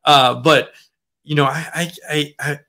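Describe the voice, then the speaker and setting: Easygoing man with a bright voice. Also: a little high, steady tone, measured pace, creaky. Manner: self-deprecating, easygoing storyteller. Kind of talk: casual chat.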